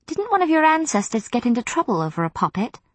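A woman's voice: a little high, sing-song, quick pace, dry recording, voice pushed up. A woman voicing a sly female vampire who enjoys ominous words.

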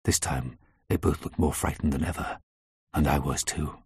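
A man narrating a story in a measured, tense way. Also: very deep voice, fairly even intonation, darkish tone, slightly rough, no room sound, studio quality. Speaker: audiobook narrator. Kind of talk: scripted narration.

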